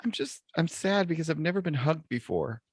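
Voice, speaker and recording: A man voicing a sad young woman in a spoken joke, raising his pitch a little and sounding whiny. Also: fairly quick, husky, no echo.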